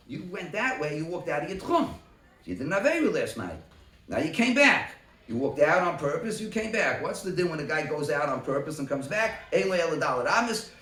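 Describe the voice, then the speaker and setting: Animated man leading a Talmud study group. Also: on the high side. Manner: animated, acts out both sides of the case in quick exchanges. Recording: roomy, from a distance.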